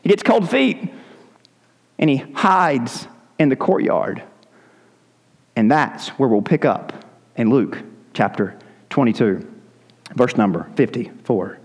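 A man's voice: medium pitch, lively intonation, slow pace, long pauses, in a large hall. A male pastor preaching a sermon in a church, retelling scripture in a vivid, dramatic storytelling manner. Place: church sanctuary.

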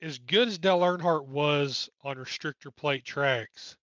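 A man's voice: a little high, unhurried, a bit bright, no echo, muffled recording. East Tennessee man recapping a race. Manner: chatty, wry, jokes between driver lists. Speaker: podcast co-host. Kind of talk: casual race recap commentary.

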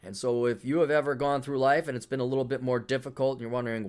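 A man's voice: medium pitch, steady tone, fast, few pauses, a little mellow. Brash, sarcastic man hosting a podcast. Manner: brash, sarcastic, profane, plugging his own books. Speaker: podcast host. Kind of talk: casual podcast monologue.

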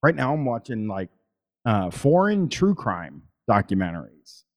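A man's voice: medium pitch, very animated, unhurried. A man podcaster talking as a guest in casual chat, rambling, swearing freely and using many fillers.

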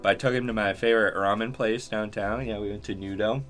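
A man's voice: fairly low pitch, steady tone, fast, fairly bright tone, soft background music. A young man from Spokane co-hosting a podcast, chatting casually with many fillers and easy laughs. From Spokane, Washington, USA. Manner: rambling, filler-heavy, laughs easily. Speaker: podcast co-host. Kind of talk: casual chat.

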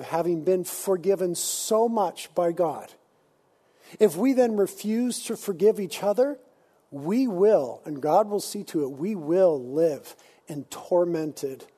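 A male pastor with a high-pitched voice and a husky, breathy edge, preaching in a lively, casual manner. His tone is mellow and dark rather than bright. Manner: animated, conversational preaching with casual slang. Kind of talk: sermon.

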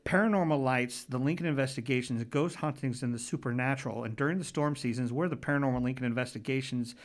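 A man's voice: mid-range voice, fast talker. A man in his forties, a paranormal investigator, telling a rambling, earnest story in a casual interview, restarting his sentences as he goes.

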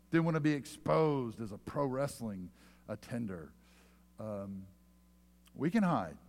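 A man preaching a sermon as pastor, telling a story with animated rises and soft, slow drops. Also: on the high side. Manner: animated storyteller, rising loud for punchlines, then dropping soft and slow. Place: church sanctuary. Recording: long hall reverb.

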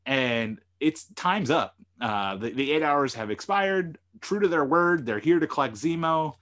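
A man's voice: fairly high pitch, lively intonation, a little slow, a bit bright. A man hosting a podcast and recapping a TV episode, retelling scenes animatedly and quoting the characters' lines. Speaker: podcast host and lawyer.

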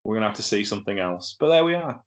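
A man's voice: lowish voice, very animated, rapid-fire. A man hosting a casual wrestling review chat, laughing often and sounding wry. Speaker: podcast host.

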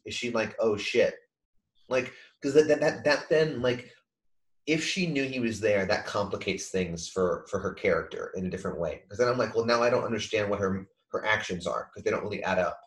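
Animated man on a video call. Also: fairly low pitch, brisk, low-quality recording. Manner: animated, acts out quoted lines. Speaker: podcast co-host. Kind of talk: casual chat.

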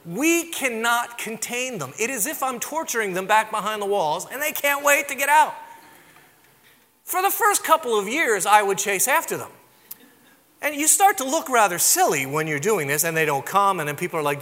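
A man's voice: high voice, lively intonation, moderate pace, pushed and bright. Man, middle-aged, pastor, conversational sermon, self-deprecating, long hall reverb. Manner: conversational, self-deprecating storytelling with frequent "right?" asides. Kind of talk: sermon with humorous stories.

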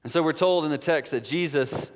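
A male pastor with a somewhat high voice delivers a sermon in a church. His words trail off into a long reverb. He keeps it conversational and slips in playful asides. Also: a little fast. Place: church sanctuary.

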